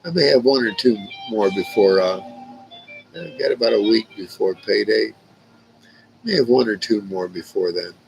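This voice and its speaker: He's a livestream host from Indiana, chatting from home and telling rambling stories full of swearing while laughing at his own jokes. His voice sits on the low side and is creaky, with a moderate pace. Faint music plays behind him in a low-quality recording.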